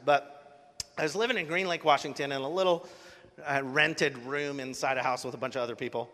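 A man's voice: medium pitch, fairly bright tone. A man preaching in a casual, earnest storytelling way, full of fillers and restarts. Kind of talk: sermon storytelling. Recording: long hall reverb.

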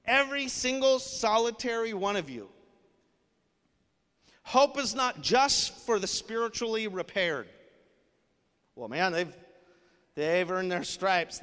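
A man's voice: high voice, a bit bright, clean tone. A male pastor preaching a sermon in an earnest, conversational way, with casual fillers. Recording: long hall reverb.

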